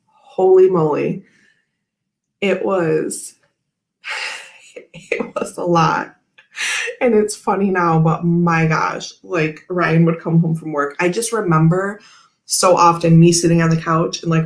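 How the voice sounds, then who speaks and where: A woman hosts a relaxed tarot livestream, reading viewer comments in a chatty, giggly ramble. Her voice carries a gravelly fry and an unhurried pace. The room around her sounds echoey. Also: fairly low pitch. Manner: chatty and giggly, many fillers like "like" and "okay, anyway".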